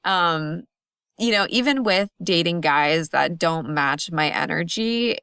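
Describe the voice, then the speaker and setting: Hesitant woman guest, smooth lowish voice. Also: expressive, takes it slowly, pushed and bright, no room sound, clean studio sound. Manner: hesitant, full of fillers like "like". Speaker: podcast guest. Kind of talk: casual podcast conversation.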